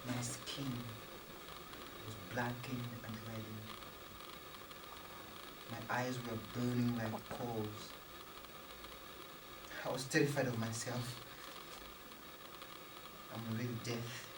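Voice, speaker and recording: A woman telling a dramatic story in spoken-word style, with rhythmic, repetitive phrasing and loud outbursts. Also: extremely low pitch, level tone, slow pace, long pauses, noisy background. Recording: roomy, distant, faint ambience.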